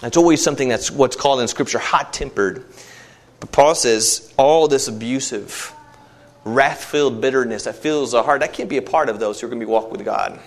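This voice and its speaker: A man preaching a sermon, rising to emphatic peaks and dropping low, acting out everyday voices in asides. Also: fairly quick.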